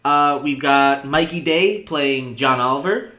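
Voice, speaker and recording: A young man co-hosting a podcast, chatting casually with frequent laughs and halting restarts. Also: fairly high pitch, bright, forceful tone, reverberant. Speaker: podcast co-host. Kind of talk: casual chat.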